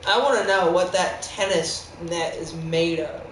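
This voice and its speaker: A game streamer giving rambling, playful live-stream commentary with sudden squeaky outbursts. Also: fairly bright tone. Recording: echoey room with background noise.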